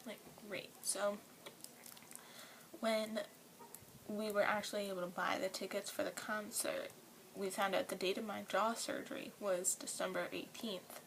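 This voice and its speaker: A young woman from New Orleans, speaking in a soft, often whispery voice, earnest and gushing in a personal vlog recorded at home. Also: medium pitch, little pitch movement, measured pace, vocal fry, slight background noise, poor audio. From New Orleans, USA.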